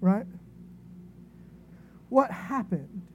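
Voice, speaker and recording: A woman preaching a sermon in a relaxed, conversational way, telling an illustrative story and often checking in with "right?". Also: fairly high pitch, drawn-out words, a little hiss or hum.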